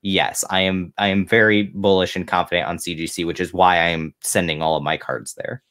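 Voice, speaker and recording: Man giving measured collecting advice. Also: low voice, fairly even intonation, a bit bright. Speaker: guest card collector. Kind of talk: livestream Q&A chat.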